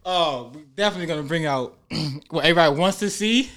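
A man's voice: on the high side, fast talker, fairly bright tone. A man talking casually about making his web series, loose and laughing often. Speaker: web series creator and actor. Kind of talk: casual podcast chat.

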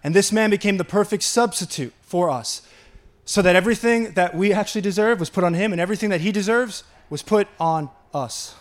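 A man preaching a sermon, earnest and full of wonder, slowing down for emphasis and breaking into delighted laughs. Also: high voice. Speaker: pastor.

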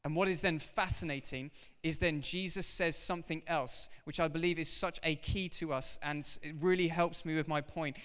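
Animated preacher man in a big hall. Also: fairly high pitch, normal speed, few pauses, clear, resonant tone. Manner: animated, emphatic, talks directly to the congregation. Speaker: pastor. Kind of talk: sermon. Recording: reverberant hall.

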